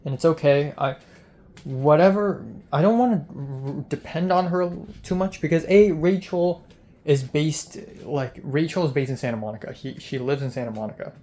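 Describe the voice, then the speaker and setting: A man's voice: fairly high pitch, normal speed, mellow. Young man rambling through a vlog diary. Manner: rambling storytelling full of "like" and retold dialogue. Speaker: film student vlogger.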